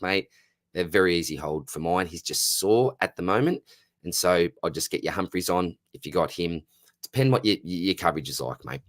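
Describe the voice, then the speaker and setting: A young Australian man hosts a fantasy football livestream, answering viewers in a relaxed, matey way. His voice sits very low. The sound is dry and close with no room echo. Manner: chatty, says "mate" constantly, greets viewers by name. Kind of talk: casual livestream chat reading viewer comments.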